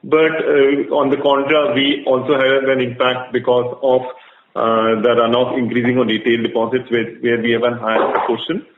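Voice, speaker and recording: Brief: man, finance executive, steady explanations, roomy echo, phone-thin audio. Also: mid-range voice. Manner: measured, explanatory. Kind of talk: earnings call answers. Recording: echoey room over a phone line.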